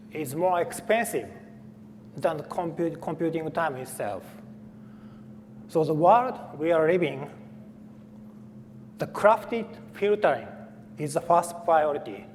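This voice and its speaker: A man's voice: fairly high pitch, lively intonation. Man presenting in a hall. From Japan. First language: Japanese. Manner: halting, with frequent fillers and restarts. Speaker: conference speaker. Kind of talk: technical conference talk. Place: conference hall. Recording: faint hall reverb, light room noise.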